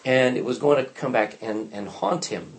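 A man's voice: mid-range voice, moderate pace. An older man teaching an informal Bible lesson, telling stories animatedly with frequent restarts and acted-out quotes.

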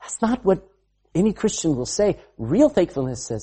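A preacher in full sermon, with a mellow, husky voice that swoops from low murmurs to high exclamations. The delivery is emphatic, full of rhetorical questions thrown at the congregation and bits of quoted speech acted out in different voices. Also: very animated, moderate pace.

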